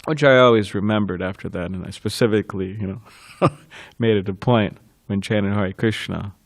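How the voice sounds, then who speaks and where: Man, low voice, devotional class talk, chuckles a lot, halting, restarts. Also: creaky, dry recording, studio quality. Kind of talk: reminiscing in a scripture class.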